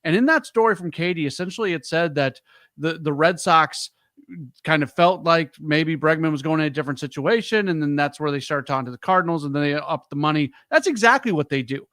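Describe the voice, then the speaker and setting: A man hosting a sports talk show, laying out reporting in a measured, agreeable way. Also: on the high side, lively intonation, fairly bright tone, dry recording, studio quality. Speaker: sports radio host.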